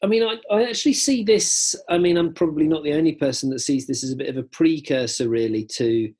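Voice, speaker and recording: Husky man musing on a podcast. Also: fairly high pitch, fast, darkish tone. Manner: rambling, hedging, lots of "kind of" and "I mean". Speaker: podcast co-host. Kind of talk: casual chat.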